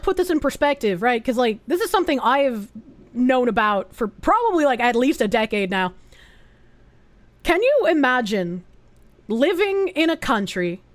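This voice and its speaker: A woman's voice: on the high side, dry recording. A woman streamer giving casual, earnest reaction commentary and swearing now and then.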